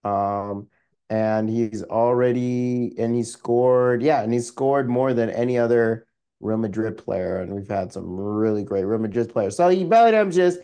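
A man with a warm, smooth, medium-pitched voice speaks at a measured pace. He co-hosts a sports podcast, chatting casually and rambling, with lots of ums and restarts.

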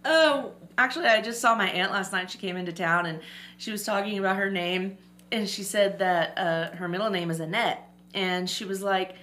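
A woman's voice: medium pitch, moderate pace, a bit bright. A woman co-hosting a casual podcast, telling stories and laughing often. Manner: laughs often, chatty storytelling. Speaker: podcast co-host.

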